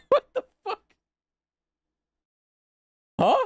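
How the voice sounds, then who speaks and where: A man's voice: very high-pitched, wildly swooping pitch, drawn-out words. A young man streaming a game, chatting casually and playfully with his viewers. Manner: playful, chatty, talks to chat. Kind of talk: casual gaming commentary.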